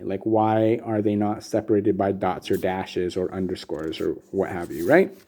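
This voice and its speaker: A man explaining Sanskrit script and meter as a teacher, relaxed and casual, with many pauses and fillers. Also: lowish voice. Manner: relaxed, many ums and restarts. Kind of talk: explanatory lesson with slides.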